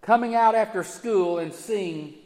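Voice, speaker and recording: A man preaching a sermon as pastor, emphatic, swinging from loud urging to hushed low tones. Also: a little slow. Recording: church hall with long reverb.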